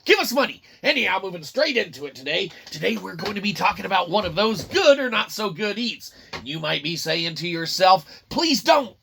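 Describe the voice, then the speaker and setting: A man's voice: sits high, animated, fairly quick, creaky, hardly any pauses, bright, forceful tone, slight background noise. A man hosting a snack review, rambling and sarcastic with lots of swearing and silly voices. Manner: profane, sarcastic, jumps between silly voices.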